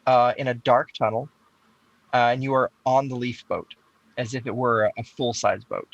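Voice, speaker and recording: A man narrating as game master in a halting way, with many pauses and fillers. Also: mid-range voice, steady tone, no echo, highs cut off.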